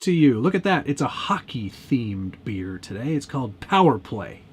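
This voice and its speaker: Husky, lively joking man. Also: medium pitch. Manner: joking, teasing, quick to laugh. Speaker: co-host of a hobby live stream. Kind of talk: casual live stream banter.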